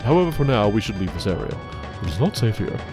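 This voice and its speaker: A man voicing a composed masked male magician who speaks in a low, measured way. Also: very animated, over music.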